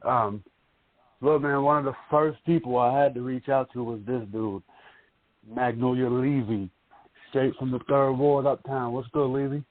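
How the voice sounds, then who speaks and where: A man with a New Orleans accent interviewing on a radio show, laid-back and quick to laugh. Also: medium pitch, steady tone, dry recording. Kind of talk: casual radio chat. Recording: tinny phone line, dry.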